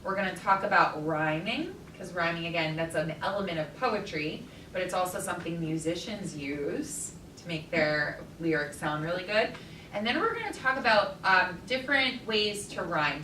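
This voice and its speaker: A woman teaches a class, chanting beats and syllables in lively bursts. She is picked up by a camera across an echoey classroom, with noticeable noise behind her. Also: on the low side, normal speed. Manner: energetic, rhythmic chanting of beats. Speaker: teaching artist. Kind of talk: classroom lesson. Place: school classroom. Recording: echoey classroom, far from the mic, noisy.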